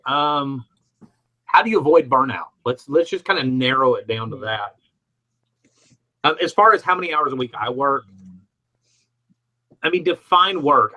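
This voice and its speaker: A man's voice: medium pitch, bright, forceful tone, muffled recording. A middle-aged man from Alabama, chatting on a podcast panel and telling rambling, self-mocking stories. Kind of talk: casual podcast chat.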